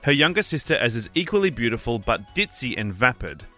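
A man on a radio show, reading movie quiz clues in a clear, measured way. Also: mid-range voice, sing-song, bright, forceful tone, faint music behind.

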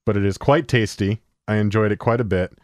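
A man's voice: lowish voice, steady tone, fairly quick, no echo, studio quality. A man co-hosting a casual beer tasting chat, talking at length through tasting notes. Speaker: co-host presenting a beer of the week.

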